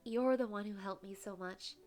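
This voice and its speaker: A kind, gentle heroine from a story game, read aloud by a woman. She speaks sincerely in an even, steady way. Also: mid-range voice, moderate pace, soft background music, close to an everyday voice. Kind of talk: reading game dialogue aloud.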